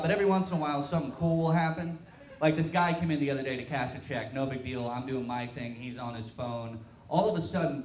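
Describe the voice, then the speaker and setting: A young man from Tulsa performing a stand-up set with deadpan, self-mocking crude punchlines. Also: medium pitch, a little hiss or hum. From Tulsa, Oklahoma. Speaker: stand-up comic. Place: brewery comedy stage, live crowd. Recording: roomy live-venue sound.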